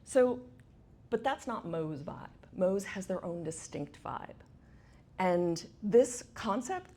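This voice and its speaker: A woman's voice: medium pitch, a little mellow, slight background noise. A middle-aged woman giving a conference talk, chatty, asking the audience questions. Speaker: conference speaker. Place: event space with audience.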